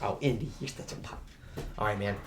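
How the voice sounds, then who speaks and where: A man's voice: lowish voice, fairly quick, gravelly. A man co-hosting a casual live-stream chat, joking and teasing. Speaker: co-host.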